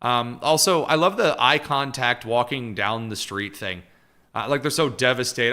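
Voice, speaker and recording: A man's voice: medium pitch, normal speed, sharp tone. A man hosting live political commentary, talking in a sarcastic, mocking way.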